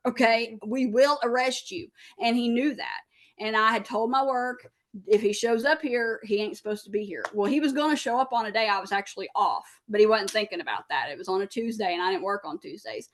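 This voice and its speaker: Woman, 30s, podcast guest, candid personal story, plays out old dialogue, mid pitch. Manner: candid, acts out past conversations.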